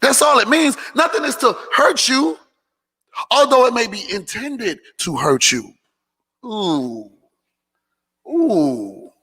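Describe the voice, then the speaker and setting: A man's voice: extremely high pitch, very animated, slow pace, pauses often, bright, forceful tone, husky. A man giving casual motivational talk to his followers, preachy and repeating phrases for emphasis. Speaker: motivational vlogger hosting a Q&A. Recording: long hall reverb.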